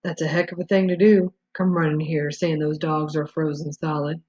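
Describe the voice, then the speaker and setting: A gruff, deep-voiced hunter man who growls his lines out low and grudging, as a woman reader puts him on. The husky voice sounds dull and lo-fi, a little set back from the mic. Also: little pitch movement, normal speed, dark tone. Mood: resentful. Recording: dull lo-fi recording.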